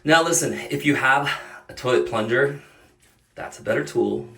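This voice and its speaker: A middle-aged man doing a home repair demonstration in a bathroom coaches the viewer with reassuring jokes, puffing a little from the effort. His mid-range voice is creaky, bright and forceful at a moderate pace. The distant mic picks up echo plus a little hiss or hum.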